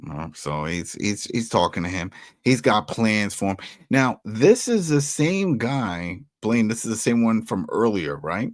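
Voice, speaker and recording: A man co-hosting a casual TV recap chat, animated and joking, often mimicking characters. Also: lowish voice, unhurried, dry recording, clean studio sound. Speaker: podcast co-host.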